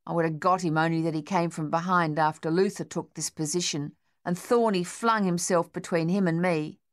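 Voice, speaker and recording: A woman's voice: lowish voice, steady tone, moderate pace, close to an everyday voice. A woman voicing a shaken young male Australian soldier, pleading and raw with despair. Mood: distraught.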